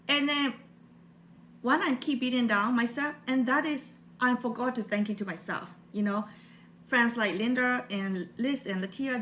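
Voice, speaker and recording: A woman's voice: fairly high pitch, lively intonation, normal speed, a bit bright, slight background noise. A woman in her forties from Burma with a Burmese accent, giving an earnest, heartfelt motivational talk in non-native English. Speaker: motivational vlogger.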